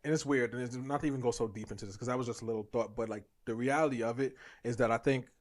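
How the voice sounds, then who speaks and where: A man's voice: medium pitch, steady tone, very fast. A young man co-hosting a podcast in casual chat, talkative and laughing often, acting out bits of small talk. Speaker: podcast co-host.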